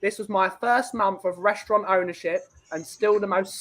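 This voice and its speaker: A man's voice: high voice, expressive, unhurried, pushed and bright. A man hosting a casual podcast, reading out reviews and quizzing his guests. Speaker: podcast host running a quiz segment. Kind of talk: casual chat.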